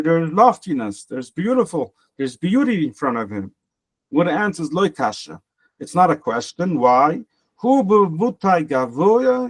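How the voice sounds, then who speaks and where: A man teaching a Talmud lesson in casual style, translating the text phrase by phrase and explaining with examples. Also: a little high. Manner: translates phrase by phrase, repeats words, explains with parables.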